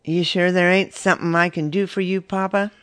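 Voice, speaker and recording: A man voicing a moody teenage boy in a storybook reading, in a raised, quick voice. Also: high-pitched, level tone, fairly bright tone, clean tone, voice pushed up. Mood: urgent.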